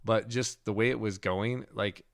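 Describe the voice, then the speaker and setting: A man telling a dream story on a podcast in an animated, casual way, full of "like" fillers. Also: on the low side, a little slow. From Denver area, USA. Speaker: podcast co-host.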